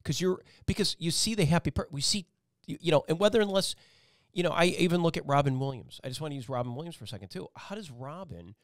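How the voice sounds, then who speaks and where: A man's voice: a little high, animated, fast talker, no room sound, studio quality. A man hosting a casual talk-show interview, rambling and emphatic, with many restarts. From Italian-American family. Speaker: talk show host and meteorologist.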